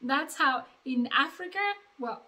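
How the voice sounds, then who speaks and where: Mom vlogging, bit high voice, chatty, acts out the convo as she goes. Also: unhurried, low-quality recording. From Uganda. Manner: chatty, animated retelling with quoted dialogue. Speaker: vlogger, mother of two. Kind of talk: casual storytelling to camera.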